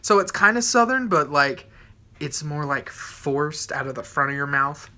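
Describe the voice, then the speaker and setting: A woman's voice: low voice, animated, a little slow, pushed and bright. A woman with a Utah accent chatting casually and playfully on a live stream.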